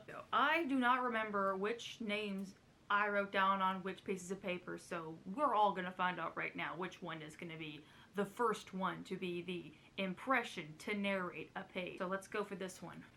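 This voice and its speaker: A woman's voice: mid-range voice, fairly even intonation, normal speed, vocal fry, sharp tone, slight background noise. A young woman author chatting casually and a little nervously to camera in a vlog, with frequent giggles. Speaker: author and vlogger.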